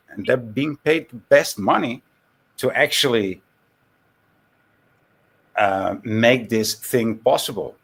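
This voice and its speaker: A man's voice: lowish voice, slightly rough. A man with a Dutch accent talking casually on a call-in stream, rambling and restarting his sentences. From Netherlands. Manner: rambling, repeats words and restarts.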